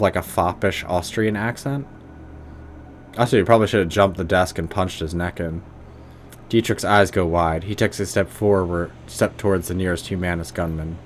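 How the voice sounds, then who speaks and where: A man's voice: sits low, steady tone, normal speed, slight background noise. A man streaming a game, reading its text and adding sarcastic, casual remarks. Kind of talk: game let's play commentary and reading.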